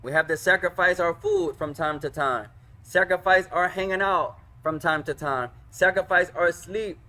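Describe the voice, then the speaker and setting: A man teaching an online class, patient and slow, pausing often and correcting students. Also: high-pitched, bright, forceful tone. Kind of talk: online Arabic and hadith class. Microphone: computer microphone.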